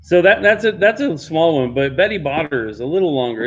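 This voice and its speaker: A man working as an auctioneer on a livestreamed benefit auction, repeating bid calls in a steady chant and cracking jokes in between. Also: on the high side, fairly quick, few pauses, highs cut off, slight background noise. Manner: repetitive bid-calling chant with joking asides.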